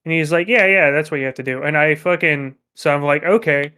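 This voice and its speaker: A young man co-hosting a podcast, telling work stories in a profane, animated way. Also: on the high side, a little fast, smooth. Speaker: podcast co-host. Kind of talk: casual chat.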